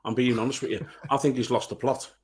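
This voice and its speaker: A man's voice: mid-range voice, fairly even intonation, fast talker. A man co-hosting a football podcast, blunt and heated, swearing freely as he rants. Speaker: podcast co-host. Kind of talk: casual football chat.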